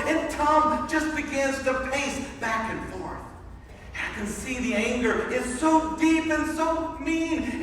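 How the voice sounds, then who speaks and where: A pastor's very high, expressive voice carries a first-person sermon story at a measured pace, growing dramatic and repeating words. It sounds a bit bright, with slight background noise. He's captured from a distance in an echoey church sanctuary.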